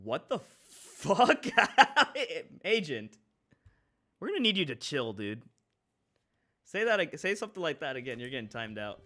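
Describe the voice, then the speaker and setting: A man's voice: on the high side, sing-song, unhurried, long pauses, a bit bright, soft background music. A man streaming a video game, chatting casually and joking, laughing often and tossing in Spanish exclamations. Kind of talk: casual chat while gaming.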